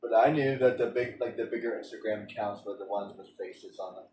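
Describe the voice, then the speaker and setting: A man's voice: lowish voice, a little fast, darkish tone, reverberant, recorded from a distance, slight background noise, low-quality recording. A man streaming a game, chatting in a rambling way with frequent restarts and stammers. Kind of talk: casual rambling chat during a game stream.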